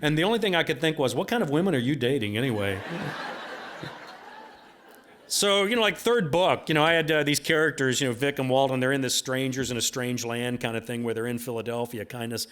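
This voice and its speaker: An author addresses an audience at a book event, storytelling live in a wandering, self-mocking manner full of repeated fillers, and he laughs at his own humor. His voice is medium-pitched, steady, brisk, and slightly bright.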